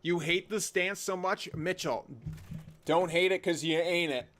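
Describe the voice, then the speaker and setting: A man's voice: high voice, steady tone, unhurried, fairly bright tone. A young man hosting a live wrestling watch-along, rambling and joking while he reads and answers chat by name. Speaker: livestream host reacting to wrestling.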